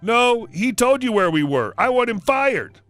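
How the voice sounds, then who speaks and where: A man putting on a shrill, entitled middle-aged woman customer, her voice pitched high and swooping through indignant demands. She sounds constantly outraged, insisting on a manager. A soft bed of music sits behind her. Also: animated, normal speed, dry recording.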